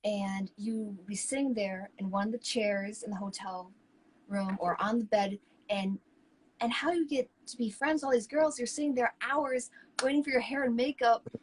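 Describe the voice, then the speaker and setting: A woman co-hosting a talk show, telling stories in a lively, chatty way. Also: on the high side, normal speed, slight background noise, low-quality recording. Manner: animated, chatty, acts out quoted people. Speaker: co-host. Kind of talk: casual chat, personal storytelling.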